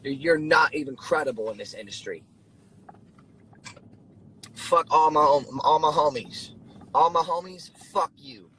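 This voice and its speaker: A man's voice: on the high side, unhurried, pauses often, sharp tone, slight background noise, low-quality recording. A man in his thirties, a singer, talking in a brash, profane and boastful way in casual chat.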